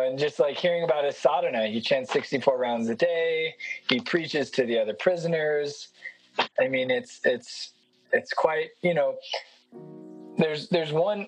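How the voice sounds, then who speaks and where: A man hosting a podcast, who talks earnestly and haltingly and keeps restarting his sentences. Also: medium pitch, rough recording. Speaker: podcast host. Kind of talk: casual podcast chat.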